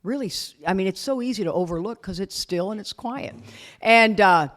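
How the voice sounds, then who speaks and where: A middle-aged woman shares her recovery story at a retreat. She talks candidly, with self-deprecating humor, in a voice of ordinary pitch for a woman. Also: moderate pace, fairly bright tone. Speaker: recovery speaker. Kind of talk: personal recovery talk.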